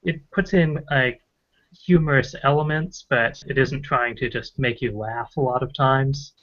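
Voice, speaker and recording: Measured man on a lo-fi podcast. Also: mid-range voice, fairly bright tone. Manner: measured, hedging, thinks aloud. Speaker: podcast panelist. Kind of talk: casual chat. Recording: dull lo-fi podcast audio.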